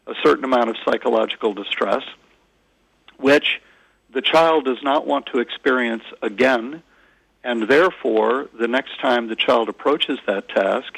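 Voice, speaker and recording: Gravelly man, earnest parenting guest. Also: mid-range voice, a bit bright, dry recording, low-quality recording. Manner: measured, earnest, frequent hesitations. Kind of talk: radio interview answers.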